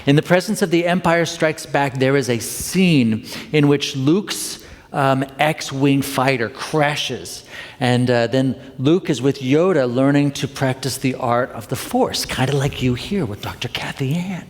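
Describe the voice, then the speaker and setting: A man's voice: medium pitch, measured pace. A middle-aged male minister giving a conversational, confessional Sunday talk with playful asides to the congregation. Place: church sanctuary. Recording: long hall reverb.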